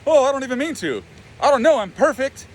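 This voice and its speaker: A man's voice: a little high, very animated, a little fast, pushed and bright, slight background noise. A man voicing a mocking, jealous imagined double of himself, sarcastic and swearing. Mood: sneering. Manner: sneering, profane, sarcastic.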